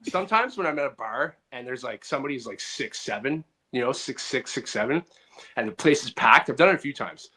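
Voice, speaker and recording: A man's voice: medium pitch, animated, fairly quick, sharp tone, breathy edge. A man co-hosting a comedy podcast, rambling through stories in casual chat and mimicking the people in them. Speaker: podcast co-host.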